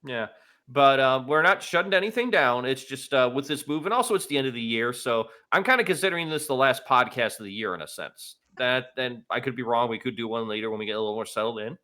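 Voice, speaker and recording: A man's voice: medium pitch, quick pace. A young man co-hosting a casual podcast, chatting loosely and acting out quotes in funny voices. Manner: animated storyteller, acts out quotes in funny voices. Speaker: podcast co-host. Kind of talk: casual chat.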